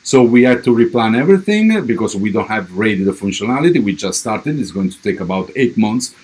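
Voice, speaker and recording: A man's voice: lowish voice, sing-song, brisk, darkish tone, breathy edge. A man with a strong Italian accent, a crypto project representative giving a livestream update and answering viewer questions, with many fillers and restarts.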